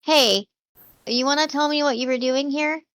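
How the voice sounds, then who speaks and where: A woman's voice: high voice, moderate pace, no echo, pitched above the performer's own voice. A woman voicing a cool, probing woman hunter who questions a captive. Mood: teasing. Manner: calm, teasing questioning.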